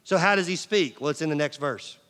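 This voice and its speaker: A man's voice: fairly high pitch, a little fast. Preacher man with hall reverb. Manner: dynamic, swings from loud emphasis to near-whisper; asks the audience questions. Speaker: pastor. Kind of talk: sermon. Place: large church hall. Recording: long church hall reverb.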